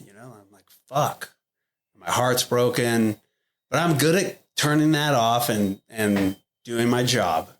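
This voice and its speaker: A middle-aged man speaking as a podcast guest, blunt and profane, with frequent "like" and "you know" in his speech. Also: medium pitch. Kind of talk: candid interview talk.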